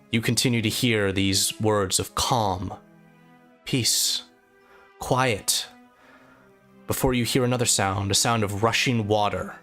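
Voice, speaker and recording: A man narrating a tabletop fantasy game as game master, telling a dream in measured second-person storytelling. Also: lowish voice, fairly bright tone. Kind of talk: slow, atmospheric tabletop narration.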